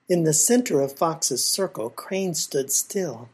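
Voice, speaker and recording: A woman reading a folk tale aloud in a measured, expressive way. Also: sits low, slightly rough. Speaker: storyteller.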